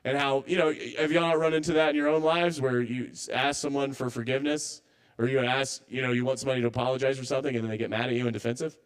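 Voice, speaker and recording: A man's voice: mid-range voice, little pitch movement, fast, clean tone. A man doing a stand-up set at a live open mic, rambling and self-doubting, stammering through restarts.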